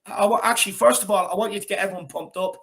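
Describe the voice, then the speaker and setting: High-voiced, hyped man hosting. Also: steady tone, racing, creaky, a bit bright. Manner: hyped, rambling and jokey. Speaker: host of a fan call-in show. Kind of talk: casual chat.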